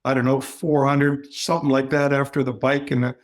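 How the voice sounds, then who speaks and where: A man in his sixties telling stories as a podcast guest, jokey and animated, acting out other people's voices as he goes. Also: medium pitch, a little fast. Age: 60s. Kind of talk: casual storytelling.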